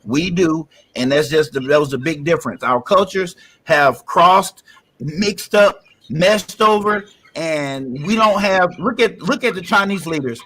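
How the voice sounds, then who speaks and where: High-voiced man, blunt and emphatic. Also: measured pace, a bit bright. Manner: emphatic, repetitive, blunt and profane. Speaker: panelist. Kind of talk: heated panel discussion.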